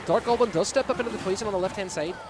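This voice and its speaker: A man doing a put-on Scottish accent while casting an esports match live, excitable and teasing. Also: high voice, very fast, over music, natural voice. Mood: playful. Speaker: esports caster.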